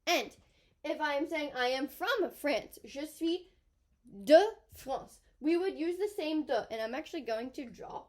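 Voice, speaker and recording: High voiced lady teacher walking thru french grammar, talks to herself while writing. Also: moderate pace. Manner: chatty, thinks aloud while writing on a board. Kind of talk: classroom grammar lesson.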